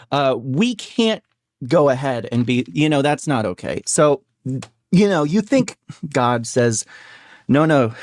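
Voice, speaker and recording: A streamer giving casual, sarcastic commentary, animated, with many fillers and mock cheers. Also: mid-range voice, dry recording.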